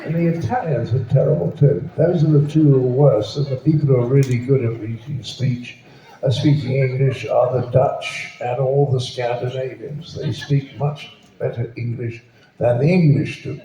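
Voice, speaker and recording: A man's voice: medium pitch, moderate pace, dark tone, recorded from a distance, a little hiss or hum. A man answering audience questions at a convention, with dry, profane comic wit. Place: large convention hall. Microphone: PA system heard through a phone from the crowd. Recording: echoey hall, phone filmed from the audience.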